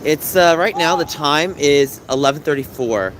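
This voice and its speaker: With city traffic rumbling behind him, a thirty-something man streams live at night, reading comments aloud and chatting with viewers in a casual, emotional way. His voice is fairly high and fairly bright at a normal speed, and the recording is rough.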